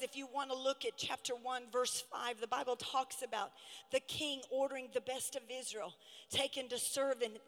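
A woman pastor preaching a passionate sermon, telling stories and building to shouted declarations. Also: high-pitched. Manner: impassioned preaching, rising to shouts; storytelling with dramatic retellings. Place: large conference hall. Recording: long hall reverb.

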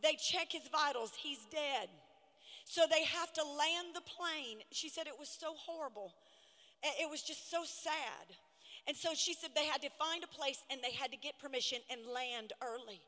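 A woman pastor preaching a passionate sermon, telling stories and building to shouted declarations. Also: high-pitched, normal speed. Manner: impassioned preaching, rising to shouts; storytelling with dramatic retellings. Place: large conference hall. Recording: long hall reverb.

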